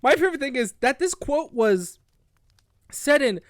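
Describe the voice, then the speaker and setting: Young woman cohost, high and lively, profane and giggly, dry close mic. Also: moderate pace, dry recording. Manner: loud, profane, giggly, drinking wine. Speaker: podcast co-host. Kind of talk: casual comedic book review chat.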